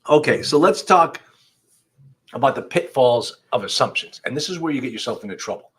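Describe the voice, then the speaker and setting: Brisk and expressive, with a medium pitch and a fairly bright tone, a man teaches law over a livestream. As the attorney host, he speaks right to his audience in an emphatic, conversational manner.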